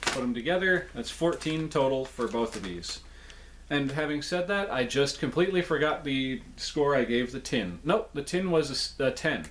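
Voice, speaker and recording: Guy chatting thru a snack review, jokey and relaxed, bit of faint hiss. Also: medium pitch, normal speed. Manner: chatty and playful, jokey asides. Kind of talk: casual solo review.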